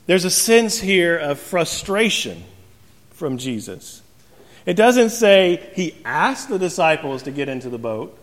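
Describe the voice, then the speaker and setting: A man's voice: a little high, sing-song, measured pace. A man preaching a sermon in a church, telling stories with humorous asides. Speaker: pastor. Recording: long reverb in a large hall.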